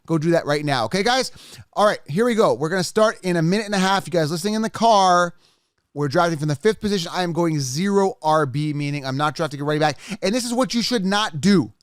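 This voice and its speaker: A young man hosts his own podcast into a close, dry microphone, his voice pitched slightly high. He talks fast and eager, repeating his points like a salesman. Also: smooth, dry recording. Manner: energetic, repetitive, salesy. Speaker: podcast host. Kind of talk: casual podcast talk with ad reads. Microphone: studio microphone.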